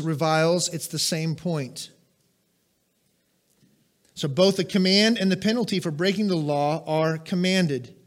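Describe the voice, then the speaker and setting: Emphatic high-voiced male pastor. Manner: emphatic, asks the congregation questions. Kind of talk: sermon.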